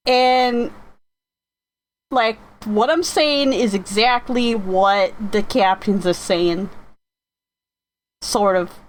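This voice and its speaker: A woman's voice: on the high side, very slow, pauses often, a little hiss or hum, low-quality recording. A woman streaming from home in casual live-stream chat, rambling and often correcting herself with many fillers. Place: home, sitting in a rocking chair.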